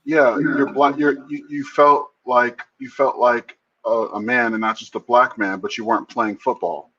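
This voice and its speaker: A man's voice: medium pitch, steady tone, a little slow, fairly bright tone, slightly rough. Guy on a panel arguing back, sound kinda muffled. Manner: pushes back in a challenging way. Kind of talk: casual panel discussion. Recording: dull lo-fi audio.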